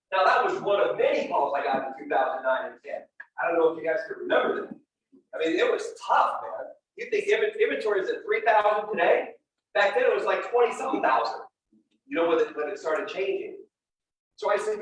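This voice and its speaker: Distant, echoey, high-voiced man telling a motivational story. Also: fast talker. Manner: animated and personal, addresses the crowd directly. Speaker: real estate team leader speaking at an event. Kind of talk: motivational storytelling talk to a live audience. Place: event room with a live audience. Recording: very echoey room, distant mic, faint noise.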